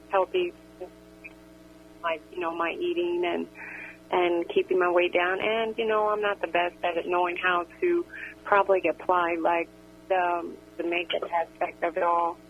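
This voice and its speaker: A woman's voice: fairly low pitch, a little hiss or hum. A woman calling in to a radio show, polite and hesitant, searching for her words. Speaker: caller. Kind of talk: phone call to a radio show. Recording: tinny phone line on radio.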